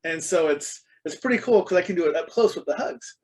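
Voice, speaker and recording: A man's voice: a little high, animated, fairly quick, poor audio. A middle-aged man as a podcast guest, speaking in casual interview chat, an earnest storyteller full of ums and restarts.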